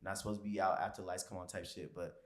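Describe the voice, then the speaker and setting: A man's voice: sits low, little pitch movement, quick pace. A man from Florida co-hosting a podcast, telling childhood stories in loose, laughing casual chat. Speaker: podcast co-host.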